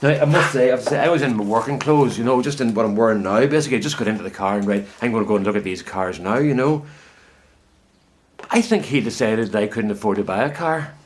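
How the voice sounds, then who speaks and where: A man's voice: mid-range voice, fast. A man with a Northern Irish accent chatting casually to camera from his greenhouse, rambling and correcting himself as he tells a story. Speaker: vlogger. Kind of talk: casual chat.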